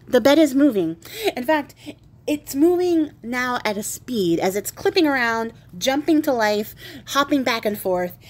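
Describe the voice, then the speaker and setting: A woman casually retelling a fairy tale in a chatty, irreverent way with wry asides. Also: on the high side. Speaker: crafting channel host retelling a fairy tale. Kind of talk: casual storytelling.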